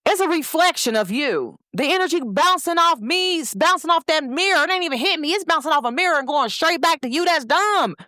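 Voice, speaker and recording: A woman's voice: sits high, animated, brisk, few pauses, bright, forceful tone, dry recording, studio quality. A young woman hosting her own show, giving a casual motivational talk with emphasis and speaking straight to her listeners. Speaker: host.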